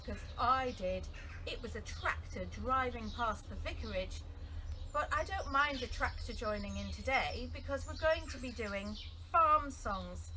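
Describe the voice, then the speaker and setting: A woman's voice: high-pitched, expressive, normal speed. A woman vicar leading a children's song time outdoors in a garden, cheerful and sing-song as she calls out to young families. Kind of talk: children's song and story session. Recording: outdoor noise with birdsong. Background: birdsong.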